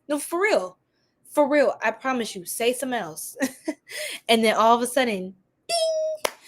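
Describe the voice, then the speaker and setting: A woman hosts a tarot livestream. She laughs often, teases her chat and shifts into slow affirmations for viewers to repeat. Her pitch swings widely from line to line. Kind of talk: casual livestream reading with chat replies.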